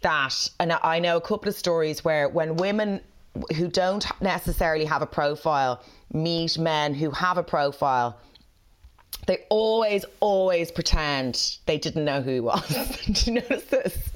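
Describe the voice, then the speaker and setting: Chatty South Dublin woman, lowish voice. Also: unhurried. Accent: South County Dublin. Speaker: podcast co-host. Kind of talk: casual chat.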